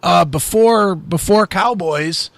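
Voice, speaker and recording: A man's voice: sits high, slow pace, vocal fry. A middle-aged man, a metal radio host, telling stories with lots of swearing in a casual podcast chat. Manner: profane, animated storytelling.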